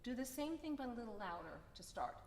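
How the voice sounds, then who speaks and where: This woman's voice is on the high side, with big pitch swings and a quick pace, as she coaches a piano masterclass in a concert hall. She's encouraging and sings phrases to demonstrate, with piano and echo in the recording.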